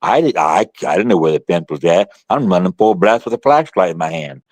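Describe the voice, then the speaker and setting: A middle-aged man, a guest author, telling a story in casual conversation, animated and colloquial with frequent restarts. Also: deep voice, a little fast, no echo.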